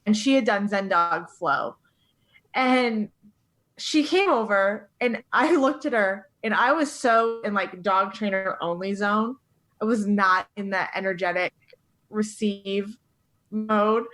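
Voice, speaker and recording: A woman guest on a podcast, a dog trainer, telling stories in an animated, heartfelt way. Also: medium pitch, unhurried. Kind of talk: casual conversational interview.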